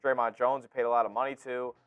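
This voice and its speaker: A man's voice: mid-range voice, level tone, fast talker, a bit bright, clear, resonant tone. A man co-hosting a casual sports talk stream who talks it through in a conversational way, thinking aloud with fillers. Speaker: co-host.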